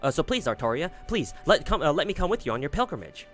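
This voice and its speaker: Faint music sits under this clip of a man performing game dialogue, putting on a mock American Southern accent to play a bubbly, eager young woman. He talks fast in a fairly high, bright voice that swings widely in pitch, chattering on and frequently tripping over his words.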